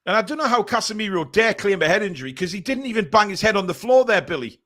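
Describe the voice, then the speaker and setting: A man hosting a live fan watchalong, calling the match play by play and reading viewer messages, partisan and quick to outrage. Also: sits high. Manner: excitable, shouts at big chances and bad calls; indignant, partisan.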